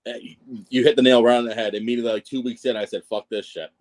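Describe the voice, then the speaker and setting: A man's voice: medium pitch, flat delivery, racing, darkish tone. A man as a podcast guest telling his wrestling ring announcer story, rambling and self-deprecating, with lots of fillers and restarts. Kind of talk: casual storytelling interview.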